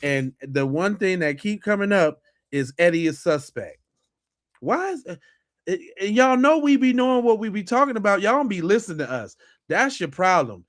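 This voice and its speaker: A man hosting a podcast, talking in an animated, sarcastic way and repeating himself for emphasis. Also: high voice, moderate pace. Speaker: podcast host. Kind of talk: casual podcast commentary.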